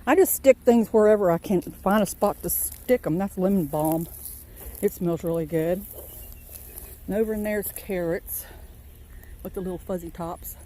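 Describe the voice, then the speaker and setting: Woman from Virginia, farm vlogger, warm mellow tone, chatty and rambling, outdoor phone recording. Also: on the low side, moderate pace, pauses often, a little hiss or hum. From Virginia, USA. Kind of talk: casual garden tour. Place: outdoor vegetable garden.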